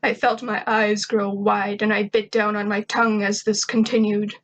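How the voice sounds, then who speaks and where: A woman's voice: mid-range voice, little pitch movement, normal speed, poor audio. A woman reading a first-person story aloud in a snarky, conversational way. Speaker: fan fiction reader.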